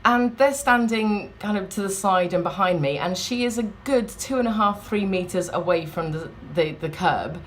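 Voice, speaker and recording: A woman's voice: mid-range voice, normal speed, few pauses, a little hiss or hum. A woman chatting in a rambling, wry way, vlogging from a hotel room. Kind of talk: casual vlog chat.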